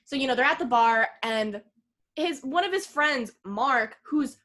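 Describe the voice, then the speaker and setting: A woman co-hosting a casual podcast, retelling a film plot in an animated way, acting out quotes and swearing freely. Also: high voice, measured pace. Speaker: podcast co-host.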